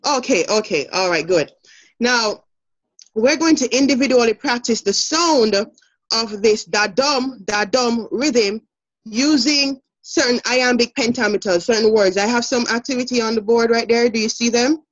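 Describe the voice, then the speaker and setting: Woman teacher with a Jamaican accent on a muffled video call; lively and encouraging, a touch high-pitched. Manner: brisk, encouraging, laughs often. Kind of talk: online classroom lesson.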